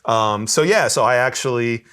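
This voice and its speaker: A man's voice: medium pitch, moderate pace, fairly bright tone, clean tone. A man telling stories in a casual interview, easygoing, laughing often and repeating words as he starts sentences. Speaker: guest musician.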